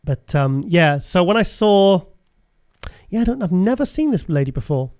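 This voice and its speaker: A man's voice: high voice, sing-song, moderate pace, a little mellow. A man hosting a casual show, chatting and rambling as he looks through pictures and laughs often. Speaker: host.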